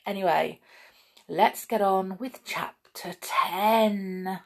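A woman reading a children's book aloud chapter by chapter, expressive, with chatty asides to her listeners. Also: mid-range voice, extremely slow, vocal fry. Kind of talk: storybook read-aloud.

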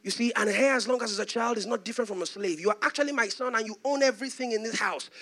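A stern father, master of his house, calls out in a raised, commanding voice, as a Nigerian-accented preacher acts him out. The voice is very high for a man, with a bright, forceful ring and a gravelly edge. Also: racing, heavily acted. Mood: instructing.

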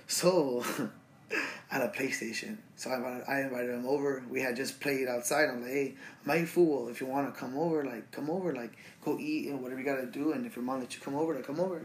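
A man in his twenties from Los Angeles tells a rambling story fast in a mid-range voice, with a little hiss or hum in the background. He's casual and profane, packing in fillers and restarts.

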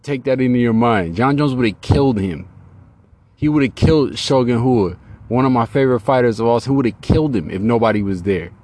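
A man's voice: medium pitch, a little fast. A man hosting a podcast in a casual, profane, rambling monologue. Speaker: podcast host. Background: loud music beat.

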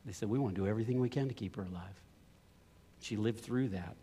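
A middle-aged man preaching a sermon as a pastor, swinging from loud impassioned pleading to low, quiet storytelling. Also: fast, husky. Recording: long hall reverb.

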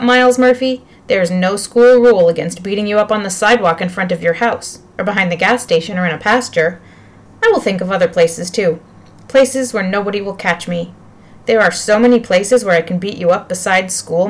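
A woman's voice: medium pitch, natural voice. Woman doing a blustering schoolboy bully. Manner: blustering, pompous threats. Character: boastful threatening schoolboy bully.

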